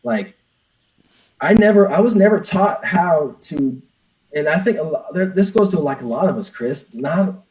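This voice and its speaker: A man's voice: high-pitched, lively intonation, moderate pace, a little mellow, poor audio. Man, interview guest, candid and earnest, many restarts, conversational. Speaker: business coach, podcast guest.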